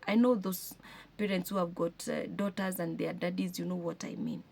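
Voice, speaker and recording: A woman's voice: fairly low pitch, fairly even intonation, normal speed, creaky, a little mellow. Earnest Kenyan woman telling a painful story. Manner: emotional, earnest retelling with frequent restarts. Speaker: single mother vlogger. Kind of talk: personal storytelling to camera.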